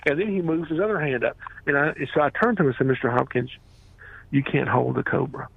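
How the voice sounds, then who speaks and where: A man who runs a reptile rescue, telling animated stories as a radio interview guest and acting out the quotes. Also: a little high, fast, vocal fry, phone-quality sound, slight background noise. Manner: animated storyteller, acts out quotes.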